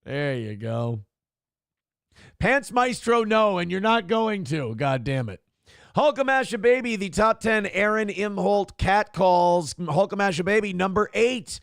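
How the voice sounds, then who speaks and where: A man hosting a live show, reading viewer messages aloud in a raised voice, then dropping into low, wry asides. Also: very animated, a little slow, gravelly, dry recording. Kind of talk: casual live-stream chat.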